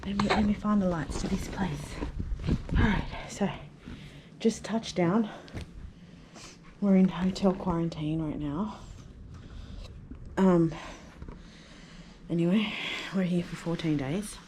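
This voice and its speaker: A woman's voice: lowish voice, slow pace, long pauses, a little mellow, slight background noise. A woman vlogging casually from a hotel room, chatty and venting with plenty of fillers, recorded on a phone or camera mic. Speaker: vlogger and mother. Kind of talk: casual vlog chat to camera.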